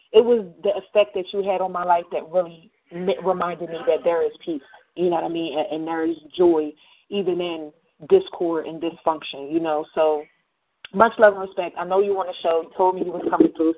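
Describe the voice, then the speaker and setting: A woman hosting her radio show, telling a story in a loose, slangy, animated way. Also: on the low side, phone-quality sound. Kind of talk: casual monologue. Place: New Jersey.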